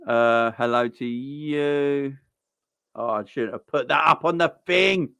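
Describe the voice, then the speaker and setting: A man chatting live to his viewers while a match plays, blunt and repetitive, full of fillers and asides. His pitch sits in an ordinary middle range. The sound is dry and close, with no room around it. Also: creaky, pushed and bright, no echo. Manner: chatty, blunt, repeats himself, frequent fillers. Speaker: livestream host reacting to a football match. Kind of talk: casual live chat reading viewer comments.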